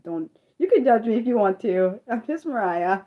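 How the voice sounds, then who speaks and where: A woman's voice: fairly high pitch, animated, normal speed, lo-fi sound. A young woman from the United States hosting an unscripted livestream, rambling with many fillers and restarts as she chats with viewers. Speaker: livestream host.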